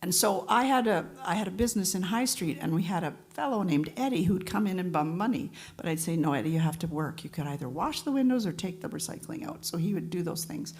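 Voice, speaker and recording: A woman's voice: on the low side, quick pace, few pauses. A woman, a singer, telling a story between songs at a live event and acting out the voices of the people in it. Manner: lively anecdotal, acts out quoted voices.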